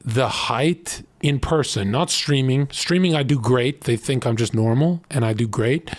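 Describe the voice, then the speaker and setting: A man streamer ranting casual dating advice, blunt and profane, telling stories with animated voices. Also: medium pitch, measured pace, no echo.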